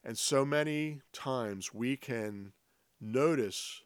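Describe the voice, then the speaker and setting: A man preaching a sermon as a pastor, reading scripture aloud and explaining it earnestly, slowing down and dropping his voice on key phrases. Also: mid-range voice, smooth, no echo, clean studio sound.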